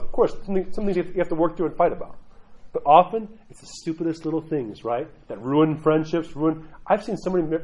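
A man's voice: a little high, a little mellow, poor audio. A middle-aged man, an Orthodox Christian clergyman, giving casual spiritual talk and often asking "right?". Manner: conversational, keeps asking "right?"; acts out quoted voices.

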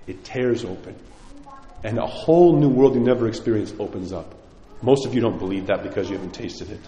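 A man, a priest, giving a sermon with impassioned, conversational preaching that drops suddenly quiet. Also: medium pitch. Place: church. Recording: echoey church hall.

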